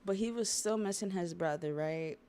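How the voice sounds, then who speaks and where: A young woman livestreaming, reading a comic aloud and reacting in casual slangy chat, quick to get excited. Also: fairly low pitch. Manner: slangy and excitable, says bruh and y'all.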